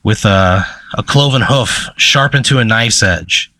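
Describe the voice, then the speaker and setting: A man hosting a podcast, telling an improvised comic story in a rambling, deadpan way. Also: on the low side, unhurried. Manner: rambling, deadpan narration with fillers. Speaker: podcast host telling a hypothetical.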